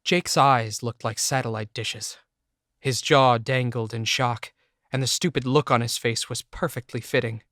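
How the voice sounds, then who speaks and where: A man's voice: mid-range voice, fairly even intonation, measured pace, a bit bright, dry recording. A man reading a first-person audiobook in an intense, emotional way, close to the mic. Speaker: audiobook narrator. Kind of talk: scripted first-person narration.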